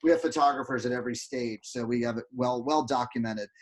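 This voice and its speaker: A man's voice: medium pitch, fast talker. A man, a guest photographer, telling a rambling story with fillers and restarts on a video call. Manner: animated, lots of restarts and fillers.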